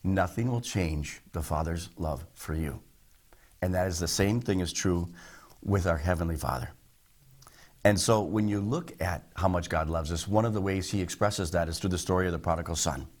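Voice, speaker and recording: A middle-aged man preaching a sermon, earnest and emphatic, telling personal stories with slow, stressed phrases. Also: deep voice. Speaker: pastor.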